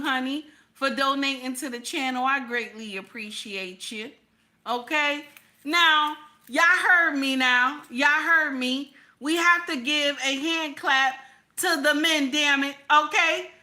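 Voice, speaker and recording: A woman hosting a live reaction stream, her voice high and ringing bright. She talks in an emphatic, chatty way, repeating her points and calling out to viewers. The delivery is loose and conversational. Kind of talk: casual reaction commentary.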